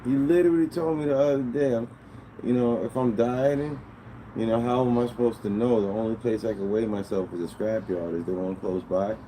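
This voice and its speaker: A man's voice: medium pitch, steady tone, brisk, dark tone, slight background noise, poor audio. A man livestreaming to his viewers, rambling in an aggrieved way and swearing a lot. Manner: aggrieved, rambling and heavily profane. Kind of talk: casual livestream chatter to viewers.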